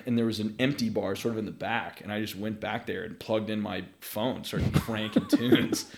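A man in his thirties, a podcast guest telling stories in casual conversation, lively and laughing often. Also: lowish voice, normal speed, vocal fry.

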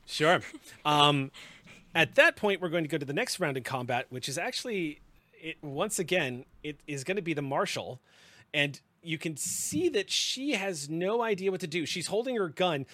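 A man's voice: on the high side, sing-song, moderate pace, pushed and bright, no room sound. A man narrating as game master of a tabletop role-playing game, describing the action and calling for dice rolls.

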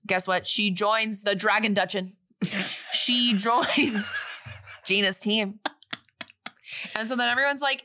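A woman casually retelling a film's plot on a podcast, animated and breezy. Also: mid-range voice, slow pace, long pauses. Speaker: podcast co-host recapping a film. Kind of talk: casual recap chat.

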